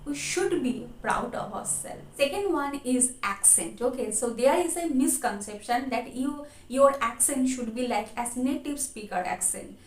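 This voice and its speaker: A woman's voice: high voice, a little slow, hardly any pauses. A woman from India with an Indian accent, giving an earnest motivational English lesson and often adding "okay" and "my dear friends". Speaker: English-speaking coach. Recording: echoey room with faint ambience.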